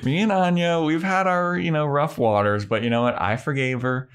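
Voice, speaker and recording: A man's voice: fairly high pitch, steady tone, normal speed, clear, resonant tone. A man co-hosting a podcast, casually recapping TV scenes with mocking put-on voices and plenty of swearing. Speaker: podcast co-host.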